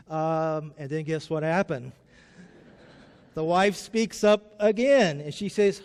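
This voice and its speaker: A man's voice: fairly high pitch, slow, smooth, in a large hall. A male pastor giving a conversational, story-filled sermon in a chapel.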